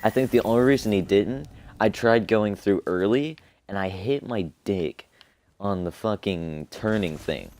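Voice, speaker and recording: A young man with a deep, low voice talks through a long personal story. He is casual and profane and rambles between details. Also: unhurried, a little mellow, no room sound. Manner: rambling, profane, laid-back. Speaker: streamer. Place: home streaming setup.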